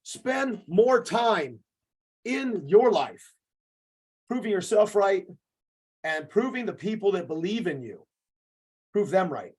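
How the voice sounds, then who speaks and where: A man's voice: fairly high pitch, a little mellow, husky. A man co-hosting a podcast as a jiu-jitsu coach, giving an emphatic, profane motivational talk that keeps checking in with "okay".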